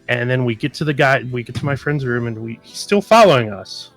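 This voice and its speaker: Animated storytelling man on a podcast. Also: medium pitch, fast talker, faint music behind. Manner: animated storyteller, swears freely. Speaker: podcast co-host. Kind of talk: casual chat.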